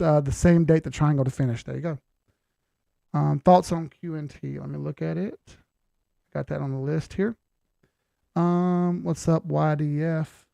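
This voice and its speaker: A man's voice: a little high, creaky, mellow, no echo. A man hosting a casual livestream, chatting in a laid-back way with many fillers and reading out viewer questions.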